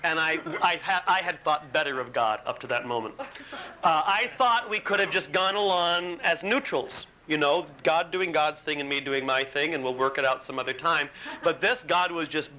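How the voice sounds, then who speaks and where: Speaking at a moderate pace in a fairly high, sharp voice, a man gives an open, self-mocking recovery talk to a live crowd in a retreat meeting room, acting out his internal back-and-forth. The rough audio was recorded on an old tape that hisses faintly.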